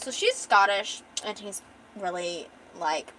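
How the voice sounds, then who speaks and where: A woman's voice: mid-range voice, expressive, normal speed, fairly bright tone, a little hiss or hum, poor audio. Chatty woman narrating her own comic. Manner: rambling, chatty asides. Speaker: streamer, comic artist.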